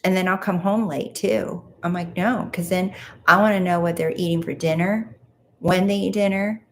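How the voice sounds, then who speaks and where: A woman's voice: lowish voice, steady tone, normal speed, fairly bright tone. A woman hosting a casual livestream, reading viewer comments aloud and chatting back to them from home. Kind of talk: casual live chat.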